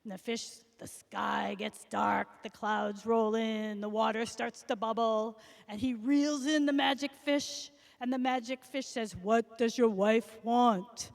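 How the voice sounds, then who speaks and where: A woman reading a storybook aloud to young children in a slow, expressive, sing-song manner. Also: a little high, creaky. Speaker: guest story reader. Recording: echoey school hall.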